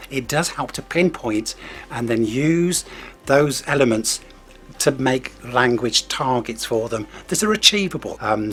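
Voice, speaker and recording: A man's voice: medium pitch, a bit bright. A male language support teacher explaining assessments in a matter-of-fact way. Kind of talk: interview about teaching.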